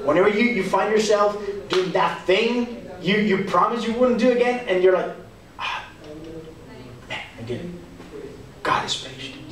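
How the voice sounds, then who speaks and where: A young man with a Texan accent giving an animated, conversational youth sermon and acting out quotes. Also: sits high, normal speed, far from the mic. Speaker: youth pastor. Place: church hall. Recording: echoey hall, speaker off-mic. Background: audience answering now and then.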